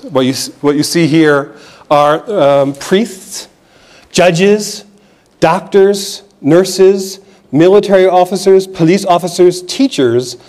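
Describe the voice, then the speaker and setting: A man's voice: fairly high pitch, a little mellow. An American man giving a public history lecture in an earnest, explanatory way, often restarting phrases and checking in with the audience. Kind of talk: museum lecture. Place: lecture hall.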